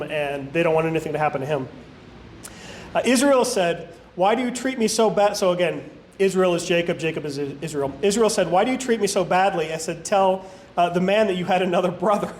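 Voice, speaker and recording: High-voiced man reading scripture, halting. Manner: halting reading, frequent self-corrections and fillers. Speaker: Bible study leader. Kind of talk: reading scripture aloud with casual asides.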